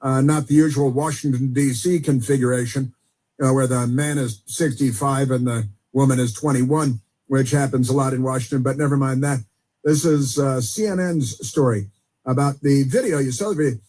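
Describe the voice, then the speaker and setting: Husky-voiced man hosting a rambling talk show. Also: medium pitch, moderate pace, a little mellow. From United States. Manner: sarcastic, rambling with many fillers and restarts. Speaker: podcast host. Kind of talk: casual commentary.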